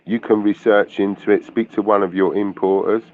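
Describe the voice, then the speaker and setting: A man's voice: lowish voice, level tone, normal speed. A man with a London accent chatting casually, often repeating words as he searches for the next one. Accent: London English. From London, England. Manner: chatty, repeats words while finding them. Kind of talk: casual chat. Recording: tinny phone line with faint hiss.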